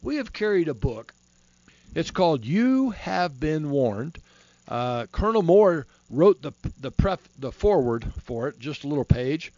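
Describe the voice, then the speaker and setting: A man's voice: a little high, sing-song, a little slow, a little mellow, dry recording, highs cut off. A man hosting a Christian talk show on being prepared, talking in a folksy, rambling way with many restarts. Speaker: host.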